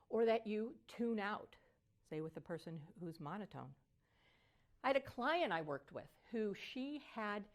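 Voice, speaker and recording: An older woman voice coach giving a motivational teaching talk, animated and at times singing phrases to show melody. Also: mid-range voice.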